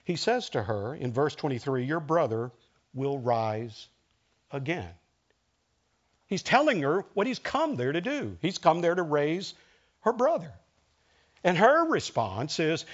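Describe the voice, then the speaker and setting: A man's voice: fairly high pitch, expressive, a little slow, fairly bright tone, lo-fi sound. A man preaching a conversational sermon as a pastor, acting out the lines he quotes.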